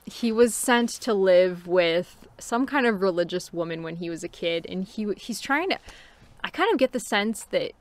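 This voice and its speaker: A woman's voice: medium pitch, lively intonation, normal speed. A woman giving a casual book review, chatty and musing, with frequent fillers and laughs between thoughts.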